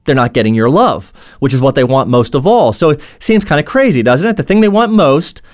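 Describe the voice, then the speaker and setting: A man's voice: fairly high pitch, very animated, fairly quick. A man giving an instructional talk as a coach, earnest, explaining through stories and imagined dialogue, with frequent fillers and restarts.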